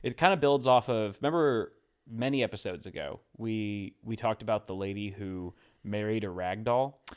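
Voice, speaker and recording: A man's voice: fairly low pitch, normal speed, smooth. A man co-hosting a podcast, chatting casually, often repeating words and laughing. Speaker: podcast co-host.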